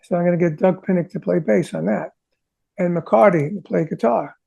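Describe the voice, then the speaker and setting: A rock drummer with a gravelly, high voice tells stories as a guest in a casual interview, at a moderate pace. He's animated, singing the drum parts vocally and acting out the conversations he quotes.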